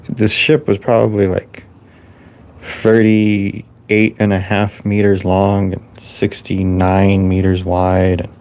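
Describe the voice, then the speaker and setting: A man with a very low, gravelly voice rambles through a deadpan tall tale. He halts and restarts often as he tells it. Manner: halting, full of restarts and fillers. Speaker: storyteller drawing on camera.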